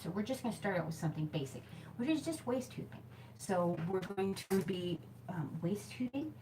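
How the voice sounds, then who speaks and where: A woman's voice: lowish voice, darkish tone, a little hiss or hum, rough recording. A woman casually teaching hula hoop exercises on camera in a small room, chatty and giggly, with lots of fillers. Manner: chatty, giggly, self-deprecating with many fillers. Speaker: hoop fitness instructor. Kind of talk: casual instructional video. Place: small temporary office space by a back door. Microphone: camera mic, moving around while hooping.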